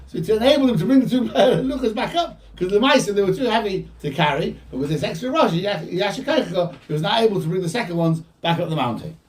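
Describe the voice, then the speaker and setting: A man giving an informal Torah class, quoting Hebrew texts and explaining them in with lively energy. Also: sits high. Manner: animated, quotes Hebrew texts then explains in English. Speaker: rabbi teaching a Torah class. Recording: voice from a distance from the mic.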